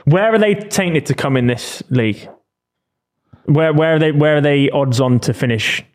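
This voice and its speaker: Young bloke, casual co-host, mid-high voice, teasing and sweary. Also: male voice, moderate pace. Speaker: podcast co-host. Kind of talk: casual chat.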